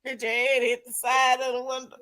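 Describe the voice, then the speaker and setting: A woman's voice: sits high, completely flat delivery, a little fast, sharp tone. A woman chatting casually on a livestream, playful, laughing often and acting out what people said. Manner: playful, laughs a lot, acts out quotes.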